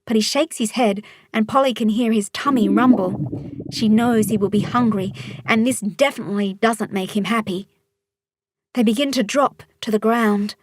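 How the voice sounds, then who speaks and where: A woman narrating a children's storybook in a calm, even read-aloud manner. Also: mid-range voice, normal speed, no room sound, studio quality.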